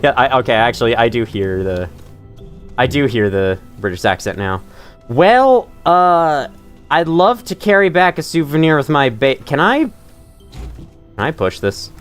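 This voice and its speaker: Dude streaming a game, chatty and jokey, voice bounces up and down a lot, bit of quiet music under it. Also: male voice, mid-range voice, animated, unhurried, pauses often. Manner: chatty, self-deprecating, laughs often. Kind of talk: live gameplay commentary.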